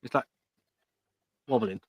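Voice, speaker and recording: A man's voice: takes it slowly, no echo. A man co-hosting a live wrestling watch-along, chatting with viewers and laughing often as he reacts.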